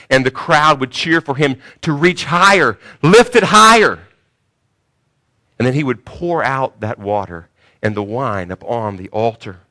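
A man preaching a sermon, swinging from hushed, slow phrases to loud cries, sometimes repeating words as he searches for the next one. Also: lowish voice. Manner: emphatic, repeats words while searching for them. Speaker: pastor.

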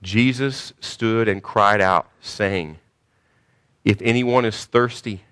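Dramatic male preacher, hushed to loud. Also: lowish voice. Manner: emphatic, repeats words while searching for them. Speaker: pastor. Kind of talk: sermon.

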